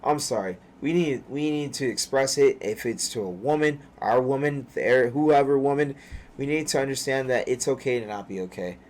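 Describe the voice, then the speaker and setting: A man's voice: medium pitch, normal speed, darkish tone. A man, a former pro soccer player, guesting on a podcast and talking casually with emphatic, profane conviction. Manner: profane, emphatic, preachy when serious. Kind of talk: casual chat.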